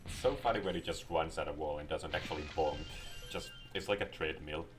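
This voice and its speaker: A man's voice: rumbling low, fairly quick, over music. A man giving casual, sarcastic commentary as he plays a game. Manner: sarcastic, joking. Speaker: game streamer.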